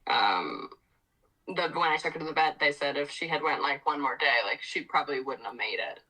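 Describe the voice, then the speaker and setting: A woman's voice: sits low, expressive, a little fast, sharp tone, husky, poor audio. A woman from Ireland, a musician guest in a casual interview, chatty, laughing often and swearing freely.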